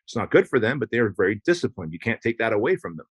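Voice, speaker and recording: A man's voice: on the low side, very animated, very fast, slightly rough, dry recording. A man speaking as a podcast guest in casual, emphatic conversation, often acting out quoted exchanges and swearing casually.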